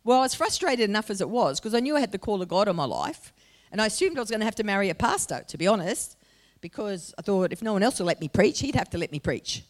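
A middle-aged woman preaches a sermon to her congregation, shifting from personal stories into loud, emphatic exhortation. She talks fast in a medium-pitched, sing-song voice.

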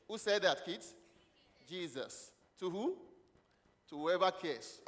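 Preacher with laughs in a reverberant church. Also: male voice, high-pitched, takes it slowly, long pauses. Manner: lively, questioning the congregation, laughing often. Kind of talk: children's sermon with call-and-response. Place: church hall. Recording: long hall reverb.

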